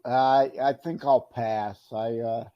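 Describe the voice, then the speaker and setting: A man co-hosting a podcast, chatting casually with a halting manner. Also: mid-range voice, steady tone, muffled recording. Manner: halting, laughs a lot. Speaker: podcast co-host.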